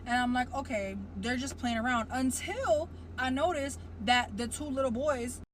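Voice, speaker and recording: A woman's voice: sits high, normal speed, slight background noise, poor audio. A woman telling a story in a casual, blunt and profane way, speaking straight to her viewers. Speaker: storyteller in a clip.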